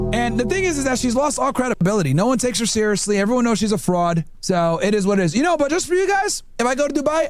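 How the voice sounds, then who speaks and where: A man's voice: high-pitched, clear, resonant tone. A man ranting casually to viewers while reading messages aloud, mocking and swearing, sometimes talking to his dog. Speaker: podcast host reading messages.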